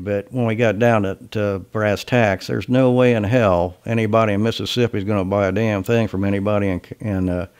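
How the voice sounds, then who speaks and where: A man from Ohio with a slight Southern drawl gives a casual sales lecture. His voice sits low, and his delivery is blunt, folksy and salty. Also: a little mellow. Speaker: sales trainer.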